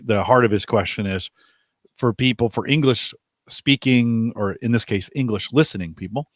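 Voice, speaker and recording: A man's voice: medium pitch, normal speed, no echo, studio quality. A man co-hosting a live podcast, giving practical advice in a casual, explanatory way. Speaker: podcast co-host.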